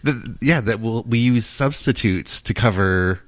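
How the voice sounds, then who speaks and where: A man's voice: on the low side, no room sound, studio quality. A man co-hosting a podcast in casual chat, telling a joke with many restarts and laughs. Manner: halting, many restarts, laughs and shouts while telling jokes. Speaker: podcast co-host. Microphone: close studio mic.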